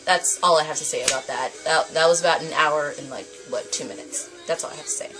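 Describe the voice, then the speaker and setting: A young woman vlogging a casual anime review, rambling and animated as she retells the plot. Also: deep voice, music in the background, poor audio. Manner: rambling, quick and animated storytelling.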